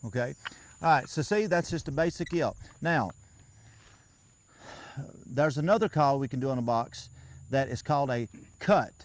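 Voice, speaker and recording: A man's voice: medium pitch, animated, normal speed, pauses often, a little hiss or hum. A man giving a patient, folksy hands-on lesson outdoors, often repeating himself as he coaches a beginner. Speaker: turkey calling instructor.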